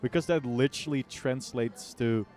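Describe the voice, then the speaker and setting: A man's voice: medium pitch, moderate pace, a little mellow. A man chatting casually while streaming a game, goofy and self-mocking, sometimes humming to himself. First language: Dutch. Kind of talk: casual let's-play chat. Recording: game music playing behind.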